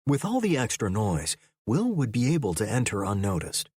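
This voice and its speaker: A man narrating a thriller audiobook in a measured, storytelling way. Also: lowish voice, huge pitch swings, a little mellow, husky, dry recording, studio quality.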